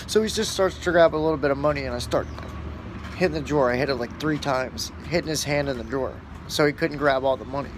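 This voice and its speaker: A man's voice: mid-range voice, fast talker, background noise. A man who works as a store shift supervisor, telling a story in a casual, blunt and profane way, rambling with fillers.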